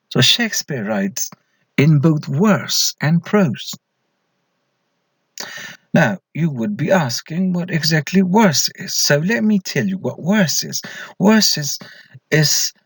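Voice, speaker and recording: A man's voice: a little high, slightly rough, no room sound. A man giving a recorded slide lecture as an English lecturer, posing questions to students and then answering them himself.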